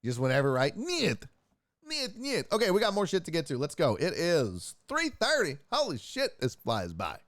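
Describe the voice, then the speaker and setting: A man's voice: medium pitch, no room sound. A man hosting a casual streamed sports talk show, joking profanely and reacting to chat messages. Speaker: host.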